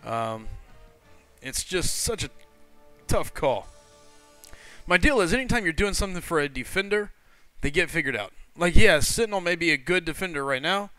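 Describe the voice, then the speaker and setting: A man hosting a gaming livestream, chatting casually as he greets viewers and reads chat messages aloud. His voice is bright and forceful, sits a touch high, and comes across smooth and crisp. He rambles loosely, stumbling over words and correcting himself. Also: animated, moderate pace, dry recording, faint music behind. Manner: loose and rambling, with frequent fillers and self-corrections.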